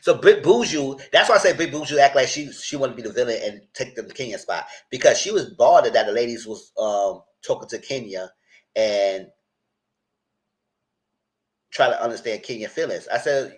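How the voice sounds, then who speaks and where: Male reality-TV commentator, lively sassy delivery with big pitch swings, casual live chat. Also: normal speed. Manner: animated, sassy, frequent squealing jumps in pitch when mimicking. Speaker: commentator reviewing a reality show.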